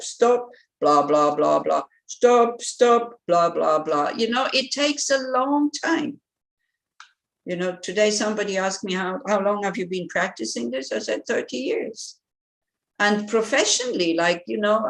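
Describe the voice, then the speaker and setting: A middle-aged woman, a Buddhist nun, teaching in a relaxed, chatty way and acting out the voices she quotes. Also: mid-range voice. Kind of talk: dharma teaching.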